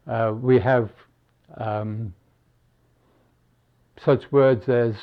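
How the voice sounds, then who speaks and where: A man slowly teaching English spelling, pausing between each word he gives as an example. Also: mid-range voice. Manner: slow, deliberate, pausing between words. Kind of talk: slow spelling lesson. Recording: dull lo-fi recording.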